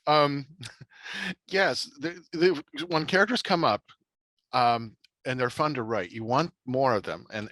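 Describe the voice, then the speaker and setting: A middle-aged man hosting a casual podcast chat, talking animatedly and rambling with plenty of restarts and fillers. His voice is bright and sits at an ordinary pitch. The sound is dry and close. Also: no echo. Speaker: podcast host and writer.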